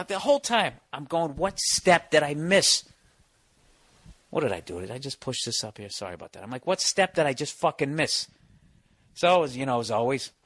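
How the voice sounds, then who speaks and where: A man's voice: on the high side, fairly bright tone. A man hosting a podcast, telling a comic story in a profane, exasperated rant. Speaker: podcast host. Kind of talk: comedic storytelling monologue.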